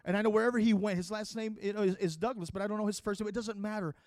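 A man delivers a sermon in an earnest, conversational manner, often restarting his sentences. His voice sits fairly high for a man. The sound is dry and close. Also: steady tone, very fast, darkish tone, dry recording. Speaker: preacher. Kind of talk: sermon with personal testimony.

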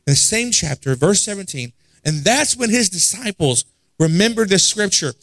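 Earnest guy preaching a sermon, kinda high voice, dry close mic, repeats himself a lot. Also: creaky, fairly bright tone, no room sound, low-quality recording. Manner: earnest, repeats words while searching for phrasing. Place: church service.

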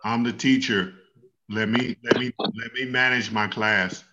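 A man teaching an online Bible class, speaking slowly and patiently and asking the class questions. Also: mid-range voice, steady tone, sharp tone. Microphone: video call. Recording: dull lo-fi video call audio.

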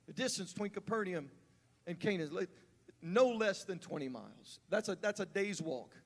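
A man preaching a sermon as pastor, building from calm teaching to fervent, rising delivery. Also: high-pitched, moderate pace. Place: church sanctuary. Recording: church hall reverb.

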